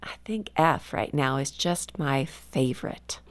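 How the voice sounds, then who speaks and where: A middle-aged woman speaking earnestly as a guest author in a radio interview, softening her voice when she quotes a prayer. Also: rumbling low, lively intonation, unhurried, in a whisper.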